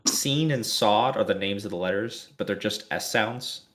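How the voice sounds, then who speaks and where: A man chatting at a tabletop game, animated and joking, swearing for emphasis. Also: on the low side, moderate pace. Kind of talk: casual chat.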